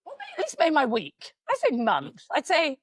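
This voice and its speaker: A woman's voice: high voice, wildly swooping pitch, normal speed, no echo. A woman in her forties co-hosting a podcast, telling stories in casual chat and swearing freely. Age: 40s. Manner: chatty storyteller, swears freely. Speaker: podcast co-host.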